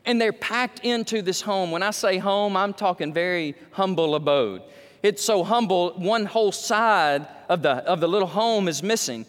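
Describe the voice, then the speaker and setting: High-voiced preacher in a reverberant hall. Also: male voice, normal speed. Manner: storytelling, rising to excited emphatic peaks. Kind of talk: sermon.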